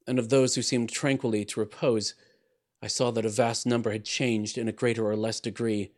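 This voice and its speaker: Low-voiced man giving a theatrical gothic reading. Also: darkish tone. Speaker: narrator. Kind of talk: dramatic reading of a gothic story.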